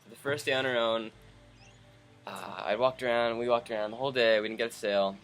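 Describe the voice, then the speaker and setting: A man's voice: mid-range voice, brisk, soft background music. A young man from Canada casually telling a story to camera for his vlog, acting out the people he quotes. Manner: animated, acts out quoted people. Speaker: vlogger.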